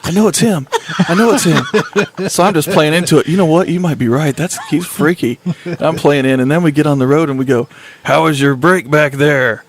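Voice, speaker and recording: A man's voice: fairly high pitch, brisk, slight background noise. A man hosting a casual talk show, telling a road-trip story with lots of laughter and acted-out quotes. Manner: animated storyteller, laughs often, acts out quotes. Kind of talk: casual group chat, storytelling.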